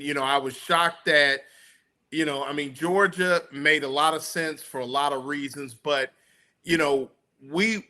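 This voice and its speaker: Man, sports journalist co-host, casual chat, emphatic, bright voice, slightly high.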